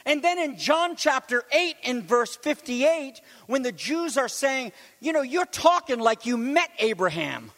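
High-voiced preacher in an echoing hall. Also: male voice, a little slow, hardly any pauses. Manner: animated, building to shouts on key phrases; conversational asides to the congregation. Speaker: pastor. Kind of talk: sermon.

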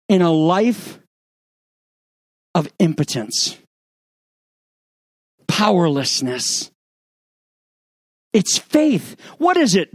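A middle-aged man preaches with lively, sarcastic energy, acting out the scripture's voices. His voice sits high, and the sound is close and dry. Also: no room sound. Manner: animated, sarcastic, acts out the spies' lines. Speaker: pastor. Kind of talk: sermon.

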